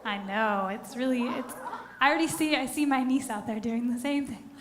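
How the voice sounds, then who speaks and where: A woman's voice: a little high, moderate pace, background noise. A woman band member chatting with a concert audience between songs in a rambling, giggly way, recorded live on stage. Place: live music venue stage. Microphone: stage vocal mic. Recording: roomy live concert sound with band music.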